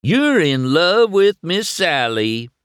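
A man's voice: medium pitch, huge pitch swings, takes it slowly, fairly bright tone, no echo, studio quality, voice pushed up, heavily acted. A man reading a storybook aloud, voicing a goofy, boastful country tow truck who teases in a folksy, sing-song drawl. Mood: teasing.

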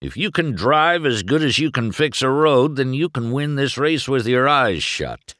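A man doing Doc Hudson, a gruff old race car. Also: lively intonation, normal speed, a bit bright, no echo, studio quality, lightly acted. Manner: growling, rumbling.

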